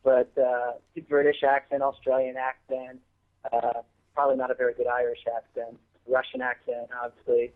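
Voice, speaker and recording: A man's voice: medium pitch, completely flat delivery, normal speed. A man, a guest actor on the show, chatting casually and rambling with lots of restarts. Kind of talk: casual chat. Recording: phone-line audio.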